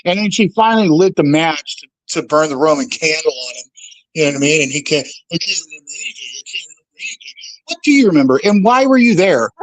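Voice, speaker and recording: A man in casual livestream chat from home, excitable, cursing freely and laughing often. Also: a little high, fast, no room sound, poor audio.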